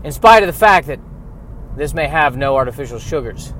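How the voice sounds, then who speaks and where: A man's voice: on the high side, lively intonation, brisk, fairly bright tone, a little hiss or hum. A man playing a pompous, stern older American general who speaks in a formal, declaiming way from inside a car.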